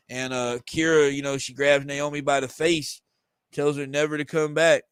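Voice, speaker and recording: A man's voice: a little high, level tone, moderate pace, smooth, dry recording. A man casually reading a comic aloud and commenting on it, rambling and correcting himself as he goes. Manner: rambling, hesitant, with fillers and self-corrections.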